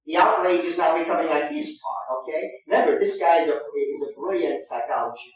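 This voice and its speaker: A man's voice: on the high side, lively intonation, fairly quick. A man teaching an acting master class, giving directions and demonstrating lines aloud. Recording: echoey room, distant mic, dull sound.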